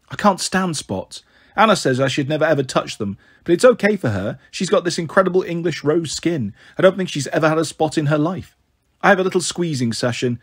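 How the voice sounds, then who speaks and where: Husky man reading a novel aloud. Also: fairly high pitch. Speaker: audiobook reader. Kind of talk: first-person novel reading.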